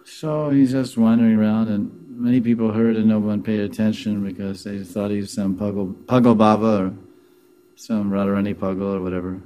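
Speaking as a spiritual teacher, a man tells a devotional story in a loose, wandering way, dropping in Hindi devotional terms. His voice sits on the low side.

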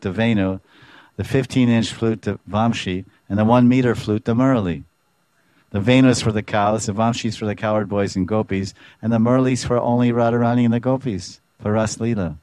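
Lower-voiced man giving a devotional talk. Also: no room sound. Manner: expressive, repeats words, makes playful sound effects. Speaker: Vaishnava teacher. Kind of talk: devotional lecture.

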